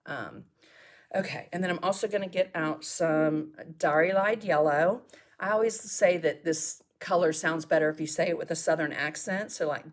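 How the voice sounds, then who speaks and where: A woman with a lowish voice speaks slowly while hosting a live mixed media art demonstration. She chats and thinks aloud as she works, answering comments from viewers.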